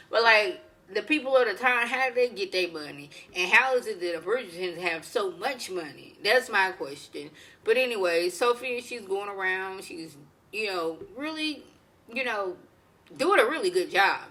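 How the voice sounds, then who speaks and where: Bright-voiced chatty woman recapping a show. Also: medium pitch. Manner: chatty, animated, colloquial, acts out quotes. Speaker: TV recap vlogger. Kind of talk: casual review chat.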